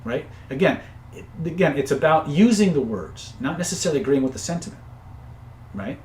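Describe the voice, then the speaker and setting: A man teaches influence techniques on a live stream in a loose, conversational way, checking in with "right?" as he goes. He bursts into loud, acted-out anger when he tells a story. His fairly high voice rings in an echoey room over a faint hum. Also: expressive, brisk. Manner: conversational, tags points with "right?"; acts out angry voices loudly in stories. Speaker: influence coach. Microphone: own camera setup.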